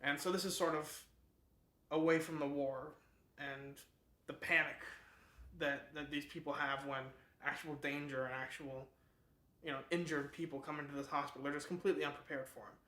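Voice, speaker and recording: A man's voice: on the high side, steady tone, normal speed, bright, forceful tone, echoey room. A man hosting a book club, giving a casual, rambling summary of a novel with many fillers and restarts.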